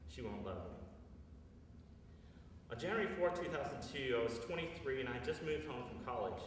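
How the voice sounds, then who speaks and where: A man's voice: mid-range voice, fast, slight background noise. A man in his thirties telling a personal story in an earnest, confessional way at a live storytelling show. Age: 30s. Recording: echoey live hall from far off.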